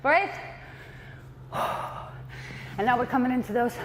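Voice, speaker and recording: A woman's voice: on the high side, slow pace, long reverb tail, noisy background. A woman fitness trainer coaching a workout class, encouraging and out of breath between exercises.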